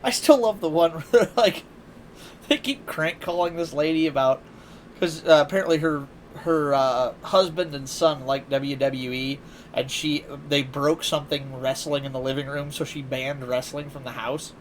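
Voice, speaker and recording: A man's voice: a little high, normal speed, a little hiss or hum. A man streaming live, chatting casually and telling stories with lots of laughter. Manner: laughs often, animated storytelling.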